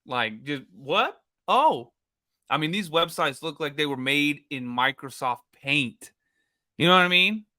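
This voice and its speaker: A man hosts a livestream and reacts in casual, animated asides with a sarcastic streak. His voice sounds bright and close on a dry, dead mic. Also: a little high, normal speed, no room sound. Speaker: livestream host.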